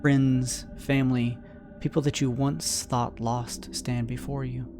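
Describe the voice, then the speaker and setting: A man narrating a tabletop game as game master, slow and dramatic. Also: mid-range voice, level tone, music in the background.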